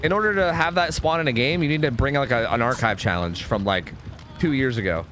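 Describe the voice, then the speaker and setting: A young man streaming a game, chatting casually with his viewers, swearing freely and trailing into quick asides. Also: mid-range voice, a bit bright, a little hiss or hum. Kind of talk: casual gaming commentary.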